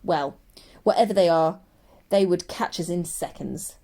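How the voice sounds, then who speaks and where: Firm sceptical schoolgirl, stubborn, warm mellow voice, as a woman reads her. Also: fairly low pitch, measured pace. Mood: knowing. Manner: firm and doubtful. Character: stubborn, sceptical young girl, the sister.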